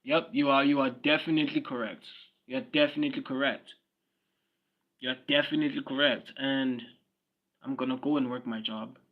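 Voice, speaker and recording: Young South African man, mid-pitched, casual livestream chat, blunt slang, repeats lines, muffled lo-fi audio. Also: steady tone, normal speed. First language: Swati. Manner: repeats himself, slangy and blunt, talks to viewers' comments. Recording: dull lo-fi stream audio.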